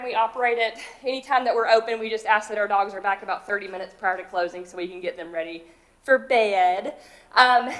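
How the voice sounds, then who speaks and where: A woman's voice: a little high, a bit bright, poor audio. A woman, an animal services director, giving a chatty, upbeat presentation full of fillers at a county commission meeting.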